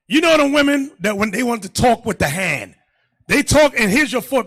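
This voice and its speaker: Man, bishop-style teacher, husky, very lively pitch, acts out voices. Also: normal speed. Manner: shouts and acts out voices in anecdotes. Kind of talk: animated sermon-style teaching.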